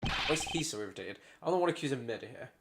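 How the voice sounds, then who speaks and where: A man's voice: medium pitch, animated, very fast, noisy background. A man making casual, joking asides while playing a game and voicing its characters. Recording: loud game music behind.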